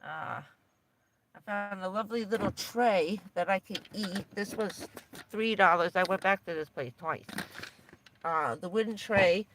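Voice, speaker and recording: Slow, rambling woman chatting in her van. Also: medium pitch, background noise. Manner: rambling, chatty, giggly, with many fillers. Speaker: van-life livestreamer. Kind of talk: casual livestream chat. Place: inside a small camper van.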